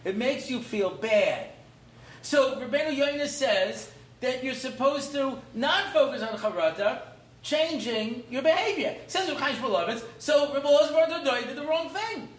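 Middle-aged rabbi guy, high voice, joking lecture, echoey room. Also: animated, moderate pace. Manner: humorous, digressive, mixes in Hebrew terms. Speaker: rabbi teaching a class. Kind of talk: informal Torah lecture. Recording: roomy echo, faint room noise.

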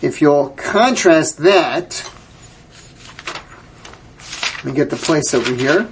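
A man's voice: on the high side, animated, slow pace, a little hiss or hum. A man teaching a Torah class, reading verses aloud and then translating and explaining them. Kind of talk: Bible class lecture.

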